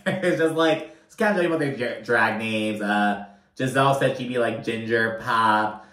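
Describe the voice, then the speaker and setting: A man giving a casual, profanity-laced reality TV recap, animated and full of filler like "you know what I mean.". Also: medium pitch, a little slow. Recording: roomy echo.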